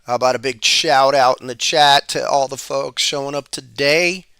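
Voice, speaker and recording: A man's voice: mid-range voice, fairly even intonation, normal speed, bright, forceful tone, smooth, dry recording, studio quality. A man hosting a live podcast from the road with a strained voice, chatting folksy with his viewers about markets. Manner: folksy, greets chat by name. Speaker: podcast host. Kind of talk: casual live-stream market talk. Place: outdoors, on the road.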